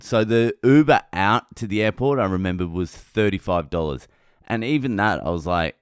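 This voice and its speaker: A deep-voiced male comedian hosts a podcast, telling a blunt, animated story full of heavy swearing into a close mic. He talks at normal speed, and the sound is clean with no echo.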